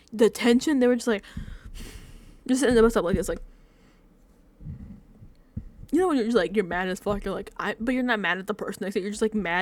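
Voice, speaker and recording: A young woman casually recapping a reality show, talking in rambling, animated bursts with frequent restarts and casual swearing, close to a desk mic at home. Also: fairly high pitch, no room sound. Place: home room.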